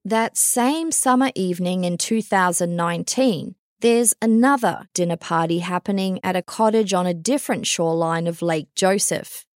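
A woman reading a scripted true-crime story in a measured, even storytelling manner. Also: on the low side, dry recording, studio quality. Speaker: narrator. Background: faint music.

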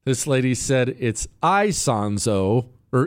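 A man hosting a talk radio show, chatting casually and reading listener emails, his voice jumping up when he sounds incredulous. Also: normal speed. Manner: animated, swings high when incredulous.

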